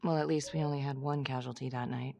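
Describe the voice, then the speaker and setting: A woman's voice: very deep voice, fairly even intonation, fast talker, creaky, mellow, exaggerated voice. An actress playing a tough female police detective with a blunt, terse manner. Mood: defensive.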